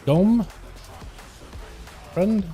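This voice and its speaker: A young man casually commenting on his own gameplay during a live stream, chatting with his teammates in a relaxed, talkative way. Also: high voice, drawn-out words, faint music behind. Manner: laid-back, chatty, talks to teammates.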